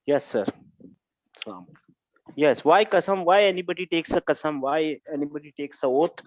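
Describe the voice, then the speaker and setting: A man's voice: a little high, normal speed, no echo, highs cut off. A man teaching an Arabic grammar class online, questioning students and repeating key phrases.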